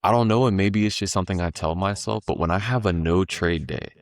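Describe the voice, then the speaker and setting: A man's voice: low-pitched, a little fast, no echo, clean studio sound. A man talking casually as a podcast guest, telling stories in a laid-back, slangy way. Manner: laid-back slangy storytelling, animated when voicing the market.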